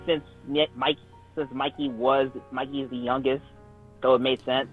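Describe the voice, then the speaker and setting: A man chatting casually on a livestream, excited and often restarting his sentences. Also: medium pitch, moderate pace, soft background music. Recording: slightly dull lo-fi stream audio.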